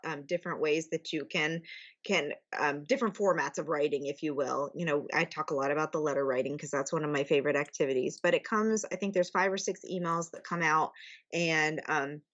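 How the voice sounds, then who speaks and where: A woman's voice: low-pitched, fairly bright tone, muffled recording. A woman guest in a candid podcast chat, chatty and laughing, with many restarts. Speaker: guest, publisher.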